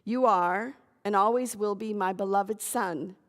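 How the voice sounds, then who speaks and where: A woman's voice: medium pitch, a little slow, natural voice. A woman reading as a tender old father. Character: grieving older Jewish father, pleading, loving. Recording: long hall reverb.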